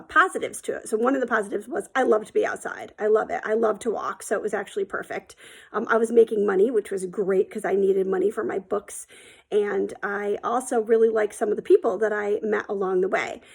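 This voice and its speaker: A woman's voice: medium pitch, creaky. A middle-aged woman telling a personal story in a casual, rambling way, with many ums and likes.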